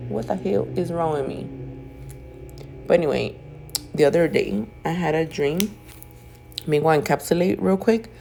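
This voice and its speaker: A woman nail artist recording a casual voiceover at home while doing her makeup. She sounds sleepy because she just woke up, clears her throat now and then, and tells her stories in chatty, profane slang. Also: low-pitched, a little mellow, slight background noise. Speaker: nail artist and video host.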